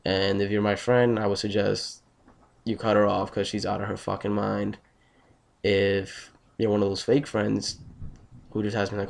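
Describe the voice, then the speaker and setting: A man's voice: fairly low pitch, gravelly, a little mellow. A young man just out of bed, telling a story on his vlog in a blunt, rambling, heavily profane way. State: just woken up, tired. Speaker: vlogger.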